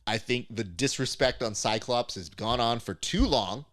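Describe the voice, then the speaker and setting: A man hosting a casual podcast chat, animated and jokey, often slipping into mock voices for his stories. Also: medium pitch, normal speed, dry recording, studio quality. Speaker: podcast host.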